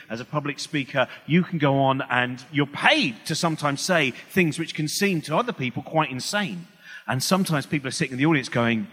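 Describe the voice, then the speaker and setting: A man's voice: on the high side, a bit bright, breathy edge. A middle-aged man giving a comic talk on stage. He rambles, breaks off mid-sentence, and acts out the voices of the people he quotes. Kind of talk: stand-up style public talk. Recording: long hall reverb.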